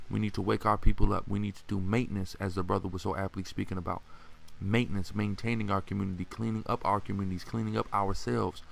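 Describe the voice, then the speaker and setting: Gravelly low-voiced preaching man. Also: a bit bright. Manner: declamatory, quoting scripture. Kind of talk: preaching with scripture.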